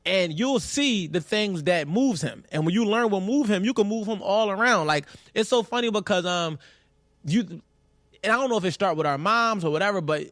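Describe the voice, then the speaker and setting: High-voiced man, blunt podcast talk. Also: normal speed, dry recording, clean studio sound. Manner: candid, profane, giving blunt relationship advice; lively storyteller. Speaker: podcast co-host. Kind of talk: casual podcast chat.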